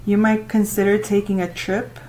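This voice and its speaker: A woman's voice: medium pitch, flat delivery, normal speed, dark tone, slight background noise, low-quality recording. Chatty woman reading tarot cards. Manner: chatty, exclaims and laughs while reading cards. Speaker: tarot reader. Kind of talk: casual tarot reading monologue.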